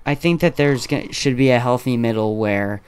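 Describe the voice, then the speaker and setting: A man's voice: mid-range voice, normal speed, clear, resonant tone. A man co-hosting a podcast, rambling with lots of "like" in casual chat. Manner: rambling, filler-heavy, laughs along. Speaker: podcast co-host.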